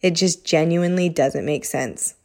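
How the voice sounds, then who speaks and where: A woman's voice: fairly low pitch, moderate pace. Chatty young woman telling a story. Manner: chatty, filler-heavy, acts out quotes. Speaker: vlogger. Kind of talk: casual storytelling to camera.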